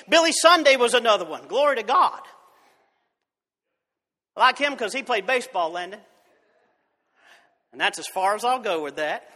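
A preacher delivers a fervent sermon in a very high, bright, forceful voice. He repeats words and restarts his phrases as he presses on. His voice rings out with a long reverb in a church sanctuary.

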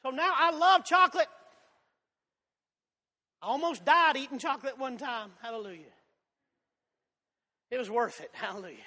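A man with a Southern drawl from Georgia, preaching a fiery sermon that swings between loud shouts and soft asides. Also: very high voice, normal speed, pauses often. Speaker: pastor. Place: church sanctuary. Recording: long hall reverb.

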